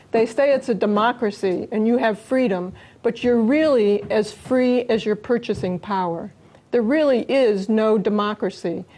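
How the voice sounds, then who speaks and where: A woman's voice: fairly high pitch, darkish tone. A woman, a guest in an interview, giving earnest answers and sometimes restarting her phrases.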